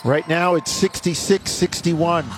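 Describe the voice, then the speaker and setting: Man, play-by-play announcer, clipped rapid calls, somewhat high voice, faint music behind. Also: fairly even intonation. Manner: rapid clipped calls, rising on made shots. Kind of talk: basketball play-by-play commentary.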